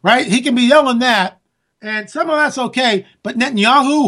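A man delivering a solo political commentary in a high voice. He rants with a sarcastic edge and his voice climbs toward near-shouts. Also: normal speed. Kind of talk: monologue commentary.

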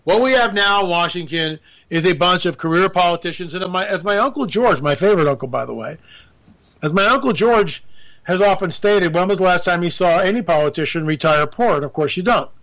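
A man's voice: lively intonation, brisk, a bit bright, poor audio. A man, a radio host, giving a joking, sarcastic political commentary monologue. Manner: joking, sarcastic, pitch jumping up for emphasis.

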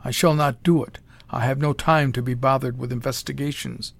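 A smooth, condescending mad-scientist doctor , as a male reader voices him, calm and cheerfully cruel. The voice sits in a middling pitch, and it is recorded dry, close and clean. He sounds like a storybook villain from a pulp tale. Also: brisk, no echo. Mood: coolly threatening.

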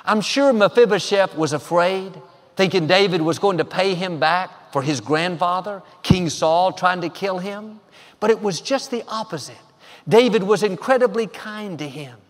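A man preaching with a high, bright-toned voice, pressing each affirmation with growing emphasis. His words ring out with the long reverb of a large hall. He delivers a sermon to a congregation. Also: normal speed. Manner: emphatic, declaring affirmations with rising force. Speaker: pastor.

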